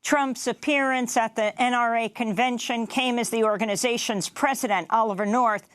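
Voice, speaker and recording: Female news anchor, measured scripted read, dry close-mic studio sound. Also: a little high, dry recording. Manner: measured, even, formal delivery.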